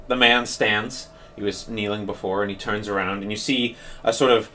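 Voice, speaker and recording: Low-voiced man narrating as dungeon master. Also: a bit bright, slight background noise. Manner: rambling, filler-heavy description. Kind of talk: narrating a tabletop game.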